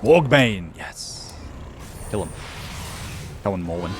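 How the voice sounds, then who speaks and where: A man's voice: on the low side, animated, slow pace, very noisy. A man streaming live, chatting casually with his viewers, reading out their messages and telling a funny story with lots of laughs.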